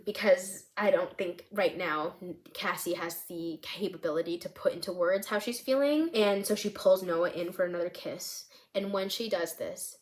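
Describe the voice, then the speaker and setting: A young woman vlogging casually, retelling her script with lively, expressive storytelling and frequent fillers. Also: mid-range voice, moderate pace. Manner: animated storytelling, many "like" fillers. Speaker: vlogger writing a film script. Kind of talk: casual chat.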